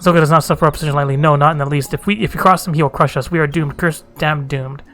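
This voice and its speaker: A man's voice: fairly high pitch, steady tone, rapid-fire, a bit bright, faint music behind, lightly acted. A man voicing a wailing, self-pitying male kobold that repeats itself in strings of synonyms. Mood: fawning.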